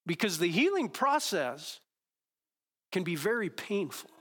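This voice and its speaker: A middle-aged male pastor delivers a sermon at a measured pace, his voice sitting high. He acts out his prayers and his dialogue with God in lively, animated bursts.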